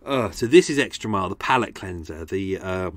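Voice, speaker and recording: A man's voice: low voice, lively intonation, fairly quick, no echo. A man hosting a podcast, chatting casually in a rambling, sweary and self-mocking way. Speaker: podcast host. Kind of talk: casual chat.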